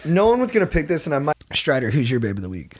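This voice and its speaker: A man's voice: fairly high pitch, wildly swooping pitch, rapid-fire. A man co-hosting a podcast, chatting casually with wry jokes. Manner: joking, wry. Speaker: podcast co-host. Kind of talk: casual chat.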